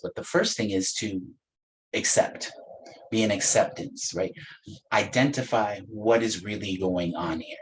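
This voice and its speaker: A low-voiced man speaking as a reverend, gentle and unhurried as he reflects on feelings and healing. He drops in light, playful asides and laughs easily. A faint hum of room noise sits behind his voice. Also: poor audio. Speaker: reverend teaching a spiritual practice. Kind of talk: reflective spiritual talk.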